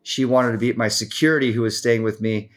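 A man's voice: mid-range voice, a little fast. A man as a podcast guest in casual chat, rambling through stories with restarts and fillers and acting out what people said. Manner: animated storyteller, acts out quotes.

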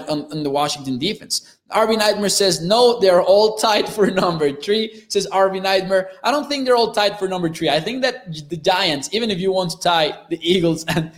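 A young man from northern Mexico with a Mexican accent, hosting a live sports talk show, reading chat comments and often repeating words as he talks. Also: a little high. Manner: quick, restarts and repeats words, animated. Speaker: sports podcast host.

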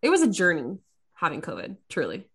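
A woman's voice: lowish voice, wildly swooping pitch, fairly quick, a bit bright, slightly rough. A young woman co-hosting a podcast, chatting casually and telling stories with playful voiced quotes. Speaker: podcast co-host. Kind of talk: casual chat.

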